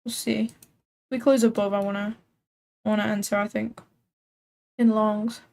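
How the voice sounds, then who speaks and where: A woman's voice: mid-range voice, level tone, normal speed, gravelly, darkish tone. A woman hosting a live trading stream, chatting casually and thinking aloud with frequent filler words. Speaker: livestream trading host.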